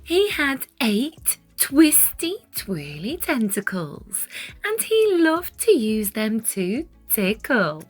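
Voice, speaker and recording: Slow, breathy woman reading a picture book aloud. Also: on the high side, dry recording, faint music behind. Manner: expressive, sing-song storytelling with whispered asides. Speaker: children's story reader.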